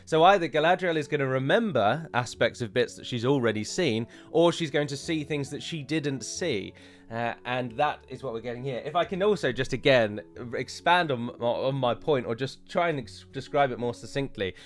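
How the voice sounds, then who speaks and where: A man talks through a trailer for his channel in a loose, opinionated way, often restarting and correcting himself. His voice sits at a middling pitch. Faint music plays softly behind him. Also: lively intonation, moderate pace. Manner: chatty, opinionated, with frequent fillers and self-corrections. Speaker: YouTuber reviewing a trailer. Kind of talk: casual commentary to viewers.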